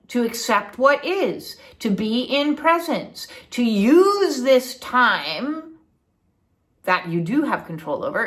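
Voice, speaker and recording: A woman's voice: high-pitched, fairly bright tone. A woman giving a casual spiritual teaching talk. She is blunt and chatty, swears now and then, and keeps checking in with "okay?". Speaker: spiritual coach.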